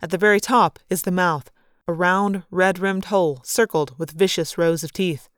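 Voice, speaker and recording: A woman reads a science-fiction story aloud in first person, leaning into the action with dramatic energy. Her voice is smooth and resonant, on the lower side. The recording is close and dry, with no room sound. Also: fairly even intonation, normal speed, no room sound. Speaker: audiobook narrator.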